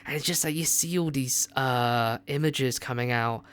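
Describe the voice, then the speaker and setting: A man hosting a movie review radio show, chatting casually and excitedly with lots of filler words. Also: medium pitch, moderate pace, smooth.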